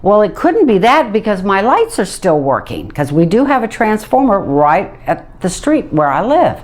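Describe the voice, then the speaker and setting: A woman's voice: medium pitch, moderate pace. A middle-aged woman vividly retelling a personal story, acting out what people said. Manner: vivid, animated retelling with acted-out quotes.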